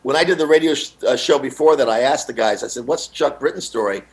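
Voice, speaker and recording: A man telling comic stories on a podcast as a guest comedian, lively and often slipping into other people's voices. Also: medium pitch, fast. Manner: animated, acts out other people's voices with laughs. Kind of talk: casual podcast storytelling.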